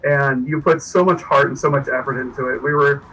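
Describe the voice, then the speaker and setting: A man's voice: mid-range voice, fairly even intonation, fairly quick, a bit bright, breathy edge, recorded from a distance, poor audio. Upbeat man hosting a livestream. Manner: upbeat, rambling with many fillers and restarts. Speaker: livestream host. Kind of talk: casual livestream talk.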